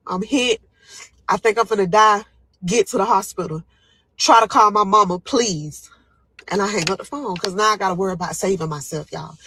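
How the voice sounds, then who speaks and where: A woman's voice: mid-range voice, pushed and bright, husky, no room sound, low-quality recording. A young woman recounting her own story to listeners, dramatic and vivid, acting out her panicked pleas in a raised voice. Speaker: storyteller guest. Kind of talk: emotional first-person storytelling.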